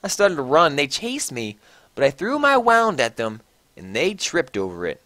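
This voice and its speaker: A man's voice: on the high side, moderate pace, no echo. Mock-dramatic man reading a story aloud. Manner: sarcastic, mock-dramatic, animated. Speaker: reader.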